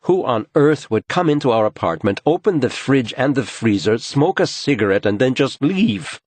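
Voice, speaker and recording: A man's voice: medium pitch, expressive, normal speed, a little mellow, husky, dry recording, voice pushed up. A man voicing an irritable, patronizing husband in an audiobook. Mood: dismissive. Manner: patronizing, brushing things off. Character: irritable, dismissive adult husband.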